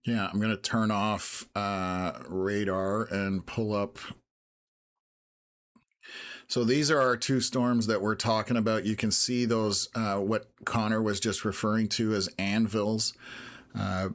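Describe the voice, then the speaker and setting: In a flat, unhurried, slightly bright voice on the low side, a fifty-something Canadian man tracks storms live on his stream. His commentary rambles, jumps around between topics, and is packed with filler sounds.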